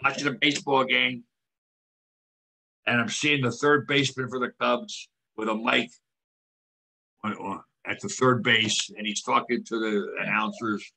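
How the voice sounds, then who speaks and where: A man in his eighties co-hosting a casual chat, halting and often repeating words as he searches for them. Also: mid-range voice, steady tone, gravelly, pushed and bright. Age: 80s. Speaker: podcast co-host.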